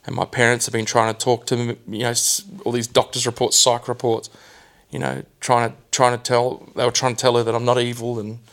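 A man telling his personal story as a guest, candid and halting, often restarting his sentences. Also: medium pitch, completely flat delivery, fairly bright tone.

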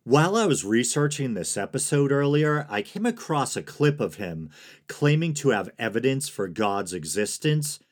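A man hosting a solo podcast, talking in a monotone, sedated way with dry, sarcastic asides and soft laughs. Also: medium pitch, moderate pace. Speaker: podcast host.

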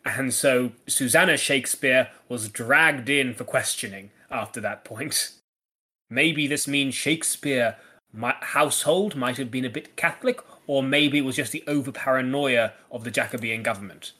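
A man's voice: medium pitch, moderate pace, sharp tone. A man co-hosting a podcast in casual chat, explaining background from his notes with dry wit. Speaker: podcast co-host.

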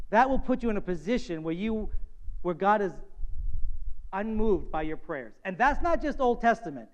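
A man's voice: high-pitched, poor audio. A man preaching a sermon as pastor, earnest and direct, sometimes acting out the voices of the people and of God.

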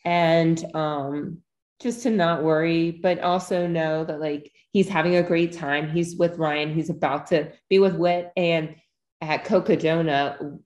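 Woman, podcast guest, chatty storyteller, somewhat low voice, echoey room. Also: steady tone, unhurried, darkish tone. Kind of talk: casual interview chat.

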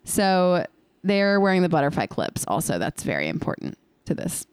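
A woman's voice: lowish voice, very animated, normal speed, clear, resonant tone, no echo, clean studio sound. A young woman co-hosting a podcast, chatting casually through a movie recap, saying "like" constantly and swearing freely. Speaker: podcast co-host.

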